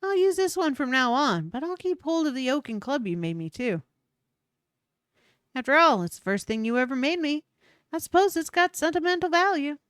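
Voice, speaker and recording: A woman voicing an earnest young male hero thanking a friend warmly. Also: sits high, animated, moderate pace, dry recording, clean studio sound. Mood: grateful.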